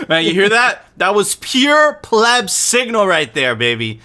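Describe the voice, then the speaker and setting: A man hosting a live stream, chatting casually with profanity and frequent laughter. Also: very high-pitched. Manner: profane, laughing, animated ranting. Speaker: podcast host.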